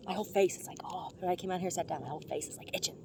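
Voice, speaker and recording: A woman's voice: lowish voice, rapid-fire, creaky, whispered. A woman vlogger chatting casually outdoors among the trees, rambling and self-deprecating, laughing at her own jokes. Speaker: vlogger doing tarot card readings.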